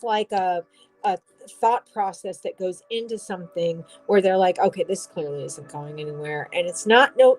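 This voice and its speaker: A woman's voice: mid-range voice, low-quality recording. Rambling woman tarot reader. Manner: rambling, swears casually, restarts often. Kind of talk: casual tarot reading to camera.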